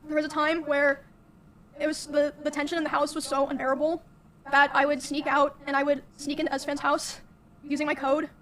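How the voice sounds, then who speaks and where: Young woman, high and fairly flat voice, soft-spoken, halting, recounting her own story with many fillers. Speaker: streamer.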